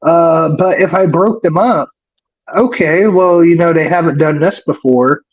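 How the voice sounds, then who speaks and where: A man's voice: fairly high pitch, measured pace, lo-fi sound. A man co-hosting a wrestling podcast, recapping the show in casual chat and rambling with lots of fillers and swearing.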